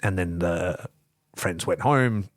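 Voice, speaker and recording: A man's voice: low-pitched, takes it slowly, no echo, clean studio sound. A man co-hosting a wrestling podcast, telling stories in a loose, profane style and acting out quotes. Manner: animated, profane storytelling with acted-out quotes. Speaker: podcast co-host. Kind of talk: casual wrestling review chat.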